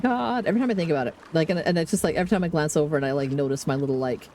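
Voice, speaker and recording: A woman streams a game from home, chatting and rambling to herself in a lowish voice. She talks casually into a desk microphone. A faint hum of room ambience sits behind her. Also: fast talker, few pauses. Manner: chatty, excitable, rambling self-talk. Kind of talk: casual live gameplay commentary.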